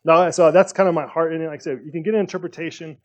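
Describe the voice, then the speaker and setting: A man teaching a Bible study in a relaxed, conversational way, thinking aloud with fillers and restarts. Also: fairly high pitch, rapid-fire. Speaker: pastor. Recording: dull lo-fi sound.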